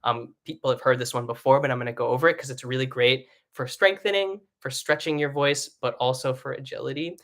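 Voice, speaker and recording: A man teaching a live online singing lesson, talking in a relaxed, chatty way and often asking "right?", and breaking into short sung vowels that leap up into a high head voice. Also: a little fast, hardly any pauses.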